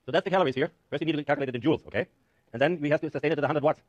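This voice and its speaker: A university professor lectures in a lecture hall and runs a live class demo, cracking jokes and teasing his students as he works through the numbers. His slightly high voice comes out rapid-fire, animated and self-mocking. The recording is dry and dull-sounding.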